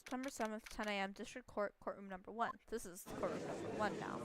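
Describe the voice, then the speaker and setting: A woman's voice: mid-range voice, quick pace, hardly any pauses, music in the background. A young woman playing through a video game, reading dialogue aloud in a playful, giggly manner. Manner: playful, giggly, reads characters in varied voices. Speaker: gaming streamer.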